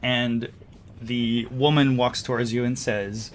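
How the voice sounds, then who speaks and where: A man's voice: mid-range voice, fairly even intonation, slow pace. A man running a tabletop game as game master, narrating casually with lots of fillers.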